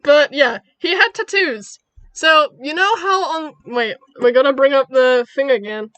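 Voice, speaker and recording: Giggly high-voiced young woman. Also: measured pace, a bit bright, dry recording. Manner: giggly and rambling. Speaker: creator of the channel. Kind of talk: casual chatty commentary. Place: her bedroom.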